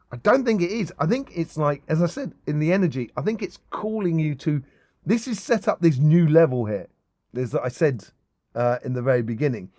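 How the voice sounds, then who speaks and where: A middle-aged man talks through a tarot spread in an excited, meandering way, full of ums and restarts. His voice sits somewhat high for a man. The sound is dry and close, with almost no room echo. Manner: enthusiastic and rambling, many ums and restarts. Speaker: tarot reader. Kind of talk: casual tarot reading monologue.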